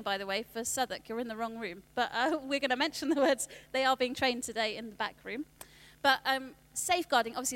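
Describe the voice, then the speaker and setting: A woman, giving a workshop talk on children's ministry in a chatty way, with quick asides and restarts. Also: fairly high pitch, a bit bright.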